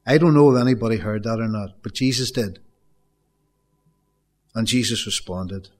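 A man's voice: fairly low pitch, moderate pace, darkish tone. A middle-aged man preaching a sermon, telling a story and repeating phrases for emphasis. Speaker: pastor.

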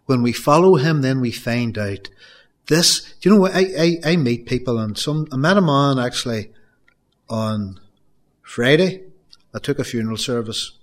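A man's voice: mid-range voice, expressive, normal speed. A middle-aged man preaching a sermon, telling a story and repeating phrases for emphasis. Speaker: pastor.

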